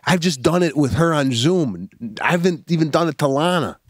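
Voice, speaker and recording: A man in his forties, a podcast co-host telling a story in a casual chat, animated and calling his friend "bro". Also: fairly high pitch, normal speed, no echo, clean studio sound.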